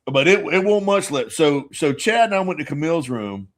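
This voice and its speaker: A man co-hosting a podcast, telling a rambling, animated story in casual chat. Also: a little high, moderate pace. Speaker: podcast co-host.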